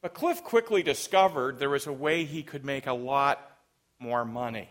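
A man's voice: mid-range voice, moderate pace, fairly bright tone. A Canadian man preaching a sermon in a conversational, humorous way, with frequent ums and uhs. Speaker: pastor.

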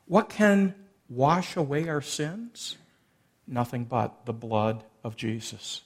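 A man's voice: medium pitch, fairly even intonation, slow pace. A man preaching a sermon, expounding a passage and acting out the quoted lines with shifting emphasis. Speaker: pastor.

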